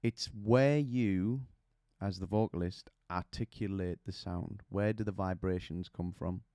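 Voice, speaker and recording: Man, vocal coach; deep smooth voice, dry close sound, teaching with vivid imagery. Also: unhurried, warm tone, no echo. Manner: explains with images and rhetorical questions. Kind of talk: vocal technique lesson.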